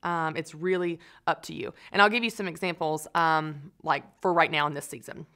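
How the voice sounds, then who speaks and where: A woman's voice: deep voice, steady tone, moderate pace, bright, forceful tone. A woman, giving a chatty, encouraging webinar talk and acting out spiraling thoughts.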